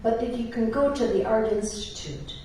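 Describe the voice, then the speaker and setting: A woman's voice: a little high, moderate pace, darkish tone, slight background noise. A woman minister giving a sermon in a church, telling stories with laughs and filler words. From Ireland. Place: church sanctuary. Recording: echoey church hall from a distance.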